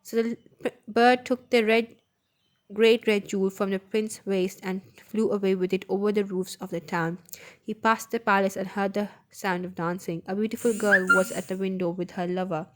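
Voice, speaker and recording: A woman's voice: mid-range voice, steady tone, fairly quick. A woman reading a children's story aloud as a voice-over, carefully and with small slips and restarts.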